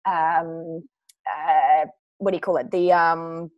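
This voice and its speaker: A woman's voice: sits low, fairly even intonation, slow pace, no room sound, lo-fi sound. A woman hosting a podcast, talking casually and searching for words with fillers like "um" and "like". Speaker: podcast host. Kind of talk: podcast interview conversation.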